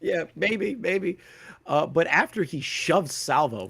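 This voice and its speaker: A man's voice: a little high, expressive, slow pace, vocal fry, a bit bright, husky. A man guesting on a casual podcast, his voice swinging widely as he reads a post aloud and breaks into laughs between remarks. He talks in a loose, chatty way.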